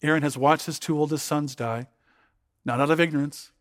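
A man's voice: fairly high pitch, fairly even intonation, brisk. A man preaching an expository sermon in a conversational way, often repeating words and asking his listeners questions. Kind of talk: expository sermon, Bible reading and commentary.

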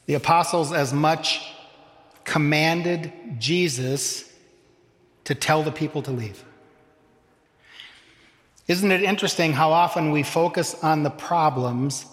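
A man preaching a sermon as pastor, slow and deliberate with dramatic pauses, addressing his congregation. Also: fairly high pitch. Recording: long hall reverb.

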